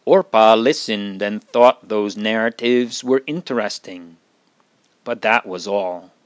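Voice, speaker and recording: A man reading a Bible story aloud to children in a slow, earnest, solemn manner. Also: medium pitch, no room sound.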